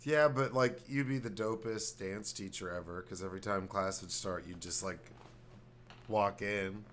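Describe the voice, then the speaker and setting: A man's voice: on the low side, normal speed, fairly bright tone. A man hosting a casual podcast, joking and riffing with his co-host. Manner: joking, riffing, puts on silly voices. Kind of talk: casual chat.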